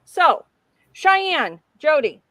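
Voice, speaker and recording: A woman's voice: high-pitched, very animated, extremely slow, a bit bright, no room sound. A woman hosting a casual livestream, chatty and bubbly, laughing easily as she greets viewers by name. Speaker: livestream host.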